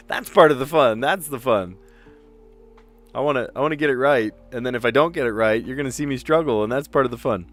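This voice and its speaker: A middle-aged man talks through a word puzzle in an easy, chatty way, muttering letters under his breath and laughing at his own mistakes. His voice sits at an ordinary middle pitch, with faint music playing quietly behind him. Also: a little fast. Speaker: teacher and puzzle streamer. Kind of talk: casual thinking-aloud puzzle play.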